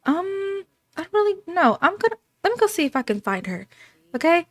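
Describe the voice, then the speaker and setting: A woman voicing a grieving teenage girl in a game, with rushed, halting speech. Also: very high-pitched, big pitch swings, no echo, pitched above the performer's own voice. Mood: upset.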